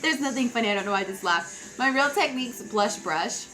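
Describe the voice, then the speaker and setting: A woman's voice: fairly high pitch, lively intonation, fairly quick, sharp tone, faint music behind, rough recording. A young woman chatting casually through a makeup tutorial, giggly and self-mocking, with offhand asides. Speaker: beauty vlogger.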